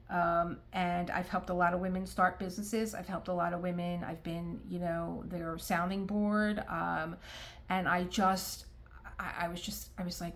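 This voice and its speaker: Rambling middle-aged woman, low voice. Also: fairly bright tone. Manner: rambling, heartfelt, frequent restarts and quoted asides. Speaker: crafting vlogger. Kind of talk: casual talk to camera while diamond painting. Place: home art room.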